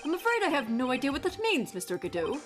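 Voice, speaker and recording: A woman's voice: high voice, wildly swooping pitch, fast talker, soft background music, pitched above the performer's own voice. A woman reading as a fussy old courtroom judge. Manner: formal courtroom phrasing. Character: fussy, easily confused old male judge.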